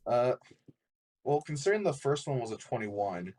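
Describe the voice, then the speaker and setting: A man's voice: mid-range voice, sing-song, normal speed, a little mellow. A man playing a tabletop game, thinking aloud in a loose way full of fillers. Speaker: player. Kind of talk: casual play at a tabletop game.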